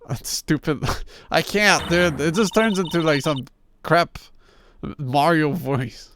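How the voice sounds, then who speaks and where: A man's voice: fairly high pitch, takes it slowly, fairly bright tone, slight background noise. A man from Canada chatting casually and joking around while streaming a game. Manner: joking, laughing, self-mocking. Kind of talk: casual gaming stream chat.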